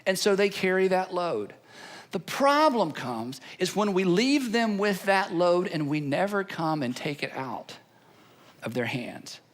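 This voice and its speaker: A man with a notably high voice preaches a sermon from the pulpit. He builds his points through repeated phrases that grow in insistence. His tone stays earnest and pleading throughout. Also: very animated, measured pace. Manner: repetitive, building cadence. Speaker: pastor.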